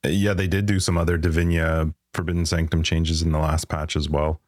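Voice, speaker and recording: A man co-hosting a podcast, musing aloud in relaxed casual chat. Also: extremely low pitch, fairly quick, dry recording, clean studio sound. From Canada. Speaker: podcast co-host.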